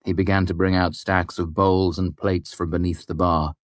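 A man narrating an audiobook chapter in a measured, even storytelling manner. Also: deep voice, no room sound.

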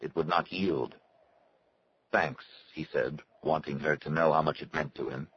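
A man with a very low, deep voice reads a story aloud in a measured, unhurried way. The recording is a little dull, with a faint hiss behind him. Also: steady tone. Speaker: audiobook narrator. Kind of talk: scripted narration.

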